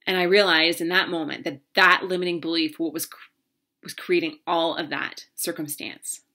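A woman's voice: lowish voice, steady tone, normal speed, sharp tone. A woman in her thirties, a relationship coach, telling a personal story straight to her viewers in an earnest, heartfelt way. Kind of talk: personal story talk to camera.

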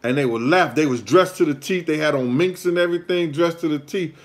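Speaking briskly in a fairly high voice, a man hosts his own show and rambles through a casual story. He repeats himself a lot and leans heavily on street slang.

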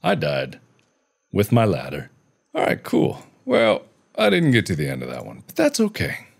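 A man in his thirties hosting a let's play, talking to himself through a horror game and breaking into high yelps and shouts. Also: normal speed, creaky, husky, soft background music. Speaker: gaming video host. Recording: steady background noise.

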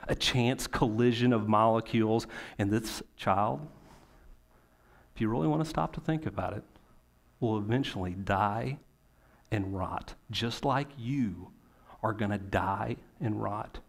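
A man, a pastor, preaching a sermon in a conversational way, with rhetorical questions and emphatic pauses. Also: on the low side, creaky.

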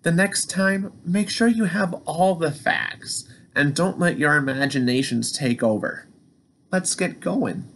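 A man voicing a big, confident new male farm tractor in a children's storybook, speaking in a deep, commanding manner. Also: lively intonation, unhurried, fairly bright tone, slight background noise. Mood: instructive.

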